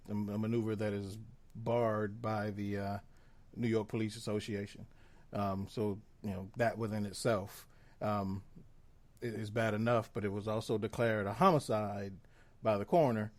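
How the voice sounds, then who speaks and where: A man with a fairly low voice talks earnestly and steadily on a casual podcast, often pausing on "um" and "you know" as he makes his points. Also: fairly even intonation. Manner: measured, earnest, filler-heavy. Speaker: podcast co-host.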